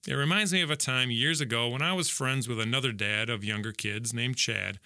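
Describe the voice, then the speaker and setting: A man's voice: mid-range voice, a little fast, pushed and bright, dry recording. A middle-aged man reading a Bible passage aloud and reflecting on it in an earnest, conversational way with light jokes. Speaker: devotional speaker.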